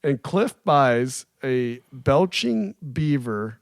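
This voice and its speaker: A man's voice: mid-range voice, drawn-out words, creaky, smooth, dry recording. A man co-hosting a casual podcast, telling a story with lots of laughter and acted-out quotes, close to a studio mic. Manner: animated storyteller who laughs often and acts out quoted voices. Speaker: podcast co-host. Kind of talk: casual chat. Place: small recording studio. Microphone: studio microphone, close.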